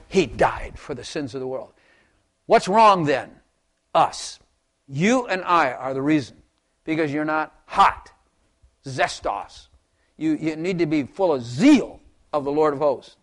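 A man's voice: on the high side, normal speed, a bit bright. An older man preaching a rambling, folksy sermon to his congregation, chuckling and repeating words as he goes. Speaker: pastor.

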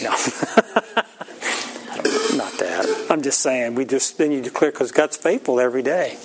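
A man's voice: on the high side, big pitch swings, unhurried, background noise. A middle-aged man preaching an informal sermon in a folksy, plain-spoken way, often laughing.

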